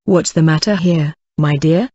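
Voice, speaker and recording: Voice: medium pitch, measured pace, mellow, husky, no room sound, muffled recording. An audiobook reader voicing a sly old man who wheedles and calls everyone "my dear". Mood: wheedling.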